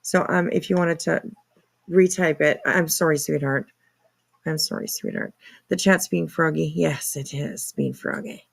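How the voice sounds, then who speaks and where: Gravelly-voiced woman hosting a livestream. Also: sits low, steady tone, moderate pace. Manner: chatty, apologetic, reacting to chat comments; swears casually. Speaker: livestream host. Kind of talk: casual livestream chat.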